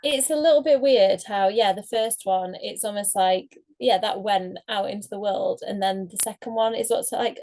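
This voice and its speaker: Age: adult. Sex: woman. Role: author guest on an interview. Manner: chatty, rambling, laughs a lot, middle-pitched voice. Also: steady tone, normal speed, hardly any pauses, a little mellow. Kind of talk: casual interview chat.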